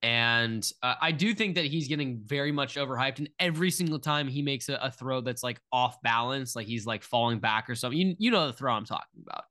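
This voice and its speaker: A man's voice: mid-range voice, lively intonation, a little fast, few pauses, bright, forceful tone. A young man co-hosting a sports podcast, talking casually, nervous and stammering, often repeating himself. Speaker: podcast co-host.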